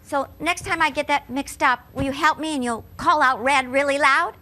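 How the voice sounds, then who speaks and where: A woman's voice: sits high, moderate pace. A woman telling a fairy tale to a children's audience at a live show, playful and comically muddled. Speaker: storyteller. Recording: live hall recording with noisy audience.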